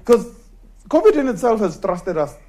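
A man's voice: high voice, very animated, moderate pace, dark tone. A man hosting an interview, thoughtful and clarifying, his sentences slightly rambling. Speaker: interview host. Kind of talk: conversational interview.

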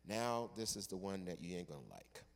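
A male pastor delivering a sermon with dramatic storytelling that swings from loud to hushed. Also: deep voice, expressive, a little fast, vocal fry, in a large hall, a little hiss or hum.

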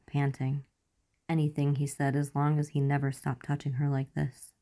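A woman narrating romance fan fiction aloud in a measured, soft storytelling manner. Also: a bass voice, little pitch movement.

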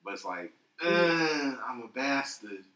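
Bright-voiced young man in an echoey room. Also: lowish voice, quick pace, soft background music. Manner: profane, rambling, animated. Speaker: podcast co-host. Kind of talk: casual chat.

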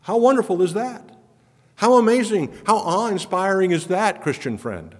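A man's voice: high voice, animated, normal speed. A man preaching a sermon as pastor, earnest and emphatic, with his voice swelling when he speaks of wonder and awe. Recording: long hall reverb.

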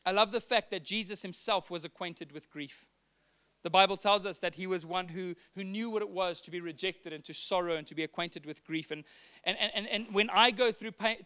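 A man's voice: sits high, bright, forceful tone, clean tone. A man preaching a sermon, earnest, acting out the dialogue he quotes. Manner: earnest, acts out quoted dialogue, some repeated words.

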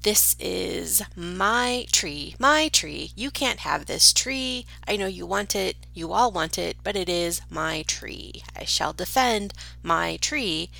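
A territorial little robin put on by a woman drawls out his claim on his tree with slow, drawn-out insistence. The voice carries a bright, tense edge and a gravelly fry. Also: fairly low pitch, lively intonation, full character voice. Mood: possessive. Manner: possessive, sulky pleading. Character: lonely territorial male robin.

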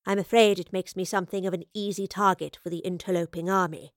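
A woman reading aloud and voicing a calm, curious travelling professor who speaks in a measured, careful way. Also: fairly low pitch, no echo, studio quality, natural voice.

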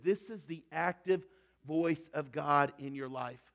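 A middle-aged man preaches a sermon with a fairly high voice. He talks earnestly and conversationally, sometimes dropping to a soft, hushed tone for emphasis. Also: measured pace, creaky. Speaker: pastor.

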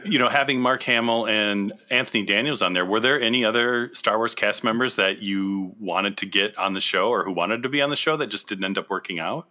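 A man's voice: fairly low pitch, brisk, few pauses, bright, forceful tone. A man interviewing a guest, asking easygoing questions in a casual, engaged way.

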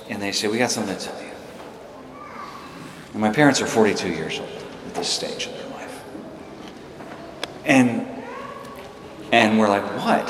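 Man in his sixties, emphatic sermon, long hall reverb, background noise. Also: lowish voice. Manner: emphatic, storytelling, rising to fervent peaks. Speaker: preacher. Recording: echoey hall with room noise.

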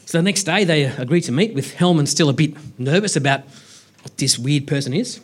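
A man telling a humorous story in a public science lecture, with lively self-deprecating asides. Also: on the high side, fast, slightly rough. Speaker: university lecturer giving a public science talk.

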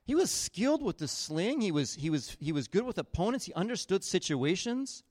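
A man preaching a sermon, retelling a Bible story in a casual, animated way with acted-out quotes. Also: high-pitched, moderate pace, no room sound, studio quality. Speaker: pastor.

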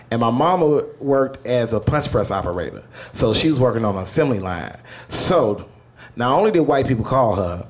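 A man's voice: mid-range voice, a little hiss or hum. A man telling a funny personal story live, swearing freely and laughing as he talks. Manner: profane, animated, laughs mid-sentence.

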